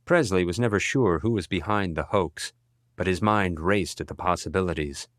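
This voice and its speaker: A man narrating an audiobook in an even, measured reading style. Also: low-pitched, dry recording, clean studio sound. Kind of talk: scripted narration.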